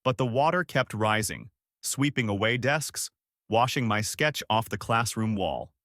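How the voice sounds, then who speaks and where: A man narrating a story in a measured, solemn way. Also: mid-range voice, expressive, a bit bright, no echo, studio quality.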